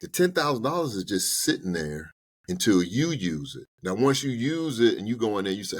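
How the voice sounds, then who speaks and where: Low, husky-voiced man giving money advice. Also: moderate pace. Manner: animated, colloquial, acts out little dialogues. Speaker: podcast guest explaining personal finance. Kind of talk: casual conversational advice. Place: podcast studio.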